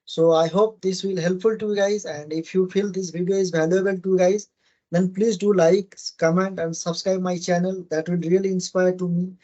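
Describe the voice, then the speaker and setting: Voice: medium pitch, little pitch movement, moderate pace, dark tone, muffled recording. A speaker giving a casual screen-share tech tutorial, often checking in with the viewers. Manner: casual, often asks "right?" and addresses "guys". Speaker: cloud tech tutorial instructor.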